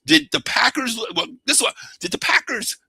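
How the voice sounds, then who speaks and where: Excitable man talking football. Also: very high-pitched, normal speed, creaky, breathy edge, dry recording, low-quality recording. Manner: animated, excitable, repeats the co-host's name. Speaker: sports talk show host. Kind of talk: casual sports chat.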